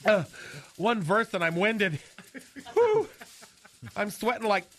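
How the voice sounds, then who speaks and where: A man's voice: sits high, huge pitch swings, slow, fairly bright tone, slight background noise, exaggerated voice. A man playing a campy, fussy, flamboyant gay character in a radio comedy sketch, chattering to unseen people. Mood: gossipy.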